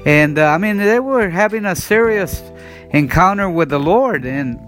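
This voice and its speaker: A man with a fairly high voice preaches a sermon, retelling a testimony in an earnest way and often restarting with "and, uh". Soft guitar music plays faintly under his voice. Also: expressive, moderate pace. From United States. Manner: earnest storytelling, many "and, uh" restarts.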